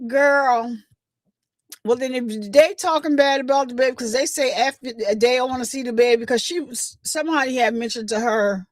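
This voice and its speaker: A woman, talking straight to her livestream chat. Her voice sits a bit high and the sound is dry and close. She tells the story in a chatty, animated way and acts out the other people's lines as she goes. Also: moderate pace, no echo. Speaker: livestream host. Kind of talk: casual gossip commentary.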